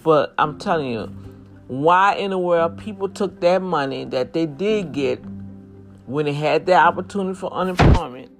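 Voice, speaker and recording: Woman, from Louisiana, low voice, earnest, preachy, casual vlog talk to viewers, faint music behind. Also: normal speed. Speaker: vlogger.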